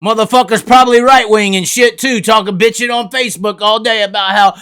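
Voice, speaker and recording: A man's voice: high-pitched, fairly even intonation, fairly quick, a bit bright, clean tone. A drunk man hosting his own vlog, ranting heatedly and profanely about racing fans. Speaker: vlog host.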